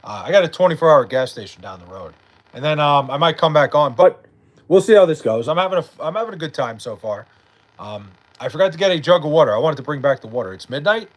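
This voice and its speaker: A man's voice: on the high side, lively intonation, fast, low-quality recording. A young man chatting casually on a late-night livestream, reading chat aloud and bantering with loose, profane talk. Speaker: live streamer.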